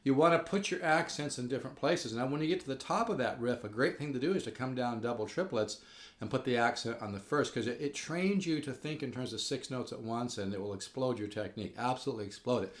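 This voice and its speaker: A man's voice: mid-range voice, fast. A man giving a casual spoken guitar lesson, earnest and enthusiastic, often restarting and repeating himself as he plays. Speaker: guitar teacher. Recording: echoey room with guitar playing.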